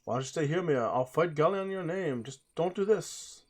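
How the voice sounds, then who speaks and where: A man's voice: on the high side, lively intonation, brisk, a little mellow, breathy edge. A man voicing a grim, brooding young warrior in a game let's play.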